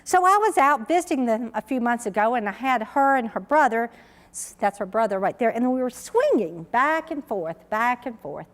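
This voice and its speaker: A woman's voice: fairly high pitch, animated, normal speed. A woman, giving an emphatic, story-driven conference talk as a researcher. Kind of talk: conference keynote speech. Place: large conference hall. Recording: reverberant lecture hall.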